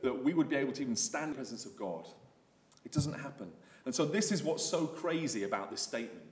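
A man giving a sermon as a visiting preacher, casual and animated, with many fillers and restarts. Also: medium pitch, roomy sound.

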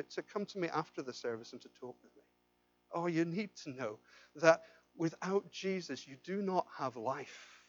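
Preaching a sermon as pastor, a man with a high-pitched voice pleads with his congregation and puts questions to them, repeating and restarting phrases. He is impassioned, swinging from loud pleading to quiet intensity, and the sound is lo-fi.

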